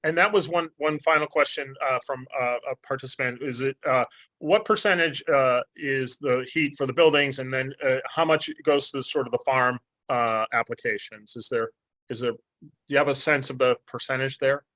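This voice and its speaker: A man's voice: mid-range voice, normal speed, sharp tone. A man hosting a webinar, wrapping up questions and closing remarks in a wordy, meandering, folksy way over a video call. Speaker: webinar host.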